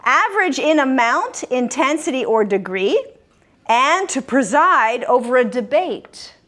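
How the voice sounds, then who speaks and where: A woman's voice: sits high, big pitch swings, unhurried, a bit bright. A woman hosting a live word game for seniors, patiently giving clues and repeating the answers back. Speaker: quiz host. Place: common room of a senior-living community.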